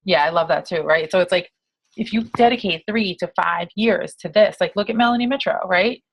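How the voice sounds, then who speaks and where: A woman in her thirties from New York, hosting a casual team call and telling stories in a brash, profane, animated way. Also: fairly low pitch, brisk, gravelly.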